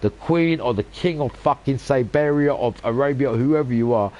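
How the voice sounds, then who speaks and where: A man's voice: medium pitch, normal speed, dark tone, highs cut off. Swearing man ranting over gameplay. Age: 40s. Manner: swears a lot, rants emphatically with repeated phrases. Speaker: gaming channel host. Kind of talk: casual rambling commentary over gameplay.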